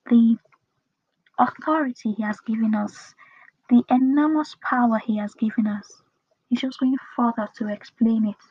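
A woman giving a devotional Bible teaching in a slow, breathy delivery that often drops to a whisper. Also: fairly high pitch, dry recording. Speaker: preacher. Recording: dull dry close recording.

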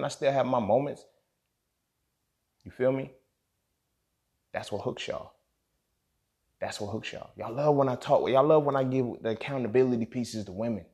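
A man's voice: mid-range voice, darkish tone. A man hosting a podcast, venting in an impassioned solo monologue, angry and emotional, emphatic and profane, often checking in with "you feel me". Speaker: podcast host.

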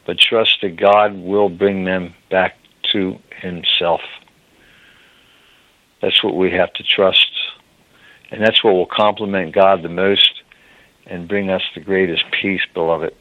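Slow, low-voiced male preacher. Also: fairly even intonation, no echo. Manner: earnest, repeats "beloved" to listeners. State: choked up with emotion. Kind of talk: sermon. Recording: dry, phone-like narrow sound.

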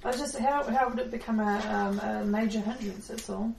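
A woman's voice: medium pitch, fairly even intonation, gravelly, a little mellow. Giggly woman player in a roomy room. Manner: giggly, quick short replies. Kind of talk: casual chat at a game table. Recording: roomy, distant mic with faint noise.

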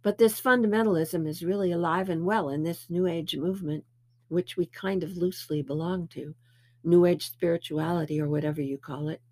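A woman's voice: fairly low pitch, fairly even intonation, brisk, dark tone, no echo. A woman giving a spiritual talk, telling anecdotes with chatty storytelling and playful self-mockery. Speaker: spiritual speaker.

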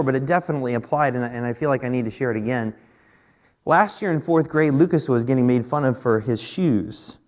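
A male pastor in his thirties with a fairly high voice gives a conversational sermon. He slips into a personal story, trips over his words now and then, and lifts his pitch and force when he drives a point home. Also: a little mellow.

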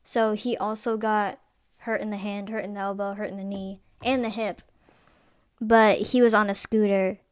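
A woman's voice: on the high side, no echo, studio quality. A young woman hosting a podcast, telling personal stories in a rambling, casual way with lots of fillers and restarts. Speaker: podcast host.

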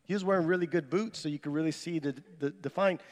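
A man preaching a sermon, telling a personal testimony with animated storytelling and reenacting what he said. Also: fairly high pitch, quick pace. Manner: animated storyteller, reenacts his own words. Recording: echoey hall with long reverb.

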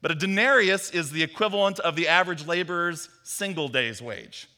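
A man preaching a sermon, telling a parable with animated storytelling and bits of acted dialogue. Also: a little high, fairly quick. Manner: animated storytelling, acts out Peter's voice. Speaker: pastor. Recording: long hall reverb.

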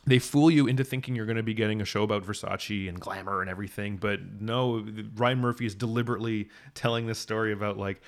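A man co-hosting a podcast, talking in a casual, animated way with frequent restarts. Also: fairly low pitch, quick pace, hardly any pauses. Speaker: podcast co-host. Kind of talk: casual chat.

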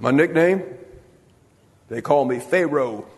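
A preacher with a high voice delivers a sermon, spinning funny stories and slipping into the voices of the people he quotes. The sound hangs in the long reverb of a large church hall. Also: lively intonation, slow pace, vocal fry. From United States. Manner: storytelling with humor, acting out quoted voices. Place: church sanctuary.

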